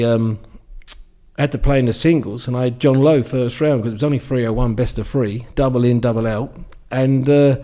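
A mellow, mid-range male voice belongs to an English former darts champion in his sixties. He's a guest in a casual interview, telling meandering stories with lots of ums and false starts.

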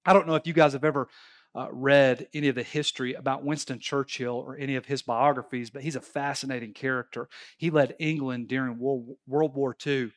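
A man's voice: mid-range voice, fairly quick. A male pastor preaching a sermon at a church service, telling stories and pressing his points emphatically. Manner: animated, emphatic storytelling preacher.

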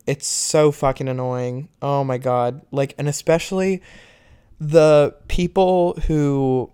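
A man's voice: medium pitch, steady tone, slow, dark tone, smooth, no echo, studio quality. A young man talking casually to his viewers, candid and rambling, laughing often and swearing as he vents. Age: young adult. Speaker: vlogger. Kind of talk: casual talk to camera.

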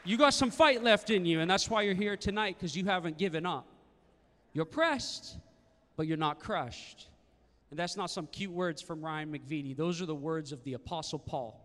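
Energetic preacher man in a reverberant hall. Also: fairly high pitch. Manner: energetic, call-and-response, swings from hushed to shouting. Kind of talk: interactive live sermon. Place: large hall with congregation.

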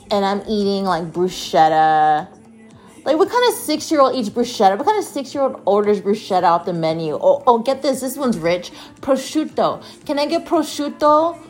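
A woman in her twenties from the American Southwest, hosting a solo podcast and telling stories in an animated, chatty way, full of "like" and restarts. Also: medium pitch. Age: 20s. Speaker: podcast host. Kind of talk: casual solo podcast monologue.

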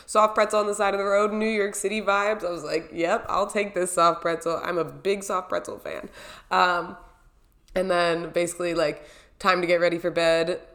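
Chatty young woman with a lowish voice. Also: fairly bright tone. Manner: chatty, rambling, reenacts her own reactions. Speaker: vlogger recapping her own race. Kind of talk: casual storytelling recap.

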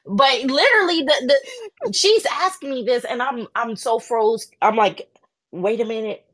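A woman's voice: fairly high pitch, measured pace. A woman, co-hosting a casual podcast chat and telling stories with acted quotes. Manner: animated storytelling with acted quotes. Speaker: podcast co-host.

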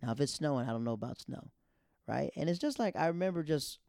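A man who does stand-up comedy, telling stories in a casual, animated way and acting out the dialogue he quotes. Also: a little high, fast talker, vocal fry, no room sound, studio quality. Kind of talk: casual storytelling.

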